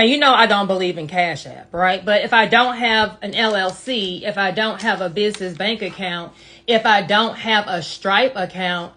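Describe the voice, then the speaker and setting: A woman's voice: on the high side, bright, forceful tone. Breathless, sassy woman coaching on a live stream. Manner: sassy, emphatic, calls listeners baby and honey. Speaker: business coach. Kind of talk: casual motivational live stream. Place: outdoors in a front yard.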